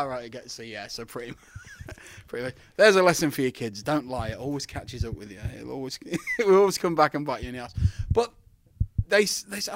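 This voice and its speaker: A man's voice: mid-range voice, sing-song, fairly quick, fairly bright tone, a little hiss or hum. A British man, a former wrestler, telling stories as a guest and laughing often. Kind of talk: casual storytelling.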